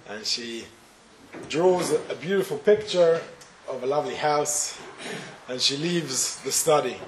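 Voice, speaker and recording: A rabbi telling a parable and giving a spoken Torah lesson, with small hesitations. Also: male voice, on the high side. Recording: roomy echo, faint noise.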